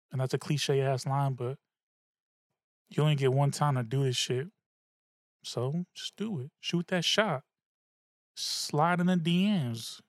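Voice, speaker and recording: A medium-pitched man hosts a casual solo podcast, recorded with studio quality and no room sound. He's laid-back, rambling and profane, a little tipsy with a slight slur, and laughs at himself.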